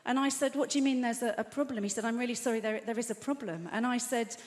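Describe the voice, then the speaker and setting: A woman's voice: fairly high pitch, fast. Dry, self-mocking woman in her fifties. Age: 50s. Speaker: stand-up comedian. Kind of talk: stand-up comedy set. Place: large theatre stage. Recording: roomy live theatre with crowd noise.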